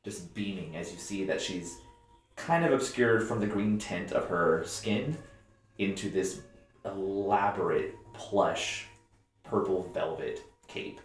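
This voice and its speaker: A man narrating a tabletop game as game master, with lively, descriptive storytelling. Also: sits low, slight background noise. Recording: echoey room.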